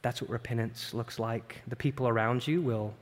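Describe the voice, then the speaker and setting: A middle-aged man preaching a sermon in a conversational way, often asking "right?" and moving between loud, lifted passages and hushed ones. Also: medium pitch, steady tone, normal speed. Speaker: pastor. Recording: long hall reverb.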